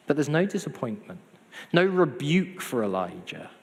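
A man's voice: medium pitch, sing-song, moderate pace, gravelly. A man preaching a sermon, conversational with self-deprecating humor. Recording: hall reverb.

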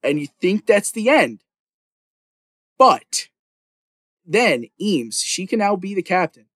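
A man's voice: high voice, very animated, takes it slowly, a bit bright, dry recording. A man hosting a casual podcast, recapping a TV series in a rambling, profane, enthusiastic way with many fillers. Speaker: podcast host recapping a TV show.

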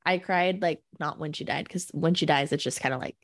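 Low-voiced woman podcast co-host. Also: brisk. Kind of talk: casual book-discussion chat.

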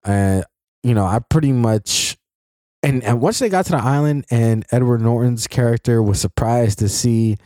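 A man's voice: mid-range voice, moderate pace, dark tone, no echo, clean studio sound. A man giving a casual spoken film review for his show, rambling with many fillers and restarts. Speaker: podcast movie reviewer.

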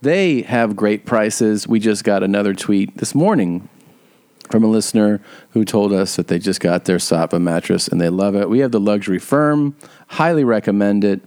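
A man's voice: on the low side, darkish tone, clear, resonant tone. A man co-hosting a podcast, joking loosely as he rattles off tour dates and reads ads. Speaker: podcast co-host. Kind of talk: casual chat and ad read.

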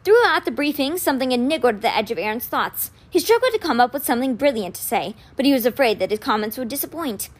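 A woman reading a children's novel aloud with expressive storytelling. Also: high voice, quick pace, few pauses. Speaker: reader.

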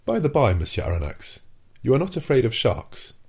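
A man's voice: mid-range voice, very animated, brisk, vocal fry, darkish tone, breathy edge, pitched above the performer's own voice, exaggerated voice. A man voicing a cool, commanding submarine captain in an audiobook, formal and offhand. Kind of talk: audiobook character voice.

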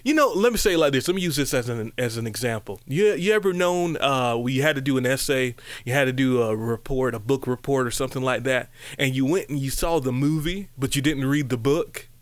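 A man preaching a lively, conversational sermon, breaking into high exclamations and playful asides. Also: a little fast, few pauses, no echo.

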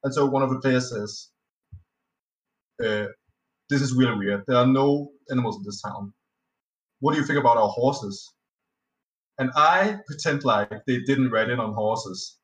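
A man's voice: medium pitch, measured pace, pauses often. A man, a native Danish speaker, chatting casually as a podcast guest, rambling through a tabletop game anecdote with lots of fillers, restarts and swearing. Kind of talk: casual storytelling chat. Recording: roomy echo, slightly off-mic.

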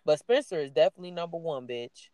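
A woman co-hosting a podcast in a casual chat, blunt and profane, animated, often breaking into laughter. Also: deep voice, fast, a little hiss or hum.

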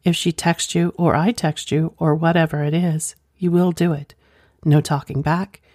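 A woman's voice: deep voice, level tone, normal speed, a little mellow, no echo, clean studio sound. A woman reading the firm, instructing lines of a commanding wife in a story.

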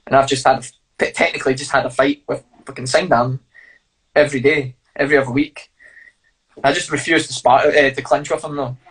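A man's voice: mid-range voice, steady tone, a little fast, a bit bright, husky, rough recording. A man telling sweary, laughing stories as an interview guest. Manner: blunt, sweary, laughing storyteller. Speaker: fighter and guest. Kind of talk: casual storytelling interview.

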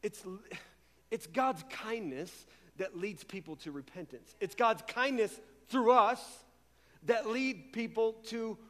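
A man preaching a sermon as pastor, talking in an animated, conversational way and often repeating words as he goes. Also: high voice, takes it slowly. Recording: long reverb of a large hall.

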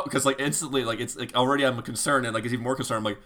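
A young man with a bright, forward tone tells a long story on a casual podcast. He is animated and full of fillers, acting out his own quotes as he goes. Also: medium pitch, rapid-fire, few pauses. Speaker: podcast co-host telling a story.

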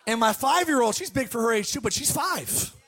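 Speaking a little fast, with a breathy edge to his high, bright voice, a middle-aged pastor delivers a sermon. He animatedly recounts family stories and repeatedly draws the congregation in with calls to respond.

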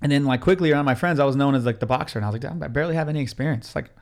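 A man's voice: mid-range voice, racing. A man in his twenties hosting a podcast, chatting casually with heavy swearing and frequent laughter. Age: 20s. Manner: profane, rambling, laughs often. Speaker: podcast host. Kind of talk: casual chat.

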